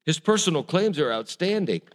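A man's voice: fairly high pitch, big pitch swings, normal speed. A man preaching a sermon, emphatic and conversational, repeating words and stressing key claims with rising force. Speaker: pastor.

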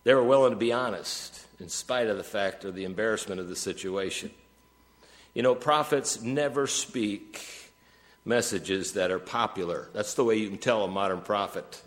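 A man preaching a sermon as pastor, reading scripture with rising emphasis and dropping to quiet, conversational asides. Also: lowish voice, moderate pace. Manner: rises to emphatic peaks when reading scripture, drops to soft asides. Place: church sanctuary.

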